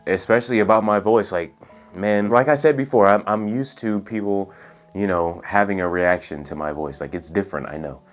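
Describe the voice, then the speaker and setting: A young man in his twenties telling a story in a casual, laid-back way, using lots of slang and filler words, with a soft, soothing voice. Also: lowish voice, normal speed, faint music behind. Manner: laid-back, profane slang, says "bro" and "like" a lot. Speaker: storytelling vlogger. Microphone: USB studio microphone.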